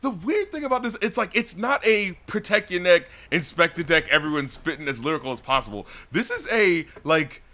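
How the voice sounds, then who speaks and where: Podcast co-host, male, slightly high and very bright voice, rambling and animated. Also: a little fast, hardly any pauses. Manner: animated, rambling, laughs often, acts out rap lines. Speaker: podcast co-host reviewing albums. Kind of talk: casual chat.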